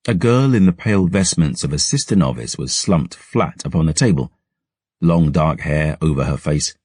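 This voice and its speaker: Deep husky male audiobook narrator. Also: dark tone, dry recording, studio quality.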